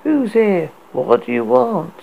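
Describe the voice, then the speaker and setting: A man's voice: very high voice, animated, slow pace, gravelly, narrow, tinny audio, pitched above the performer's own voice, exaggerated voice. A man voicing a confused young former mermaid girl who whines in bewilderment. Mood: bewildered. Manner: whiny, bewildered.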